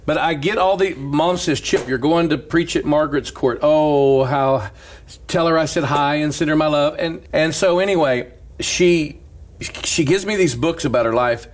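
A man who is a pastor, telling stories in an animated casual chat and laughing through them. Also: a little high, normal speed.

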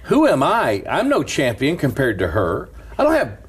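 A middle-aged man, a pastor, telling a story in animated casual chat and laughing often. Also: medium pitch, normal speed, a little hiss or hum.

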